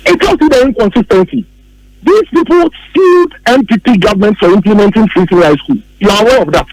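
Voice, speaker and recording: A man's voice: high voice, animated, quick pace, darkish tone, rough recording. A man with a Ghanaian English accent giving heated political commentary on the radio, emphatic and repeating his key phrases.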